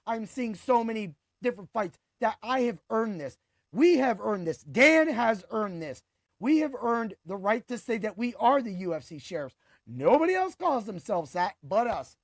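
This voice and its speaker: A man in his forties hosting a sports podcast, talking through fight picks in a hyped, boastful way with quick bursts of emphasis. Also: high voice, big pitch swings, gravelly, no room sound, clean studio sound. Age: 40s. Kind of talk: casual sports commentary.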